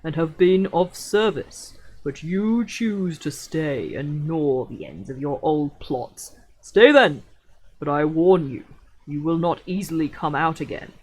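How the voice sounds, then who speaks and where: A woman voicing a stern, commanding old male wizard in a lowered, quieter voice. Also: expressive, unhurried, slightly rough, heavily acted, low-quality recording.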